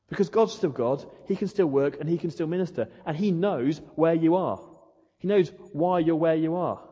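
A man's voice: a little high, normal speed, warm tone, slightly rough. A man preaching a sermon, acting out questions and prayers in a rhetorical way. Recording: dull echoey hall.

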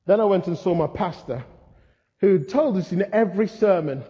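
Older preacher, high and mellow, echoing hall. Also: male voice, normal speed. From England. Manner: storytelling, humorous, animated asides. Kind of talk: sermon. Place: church hall. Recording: muffled sound in a reverberant hall.

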